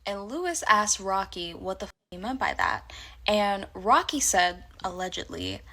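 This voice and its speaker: A woman's voice: mid-range voice, sing-song, a little slow, pushed and bright. A woman telling a personal work story in a candid, blunt and profane way. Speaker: storyteller in a reacted-to clip. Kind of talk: casual storytelling to camera.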